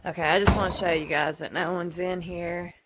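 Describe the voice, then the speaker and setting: A woman's voice: lowish voice, fairly even intonation, fairly quick, background noise. A young woman films her own house on a handheld phone, talking in a frantic, rambling way and swearing a lot. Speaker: home video filmer. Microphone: phone held in hand.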